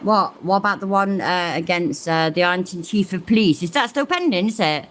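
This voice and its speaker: A woman's voice: on the low side, fairly quick, slight background noise. A woman hosting a reaction commentary, blunt, sweary and mocking. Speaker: commentary channel host.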